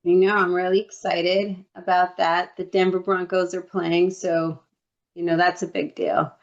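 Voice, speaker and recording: A woman co-hosting a podcast in casual chat, telling lively stories and acting out what people said. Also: lowish voice, measured pace, vocal fry. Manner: lively storyteller who acts out quotes. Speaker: podcast co-host. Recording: dull lo-fi recording.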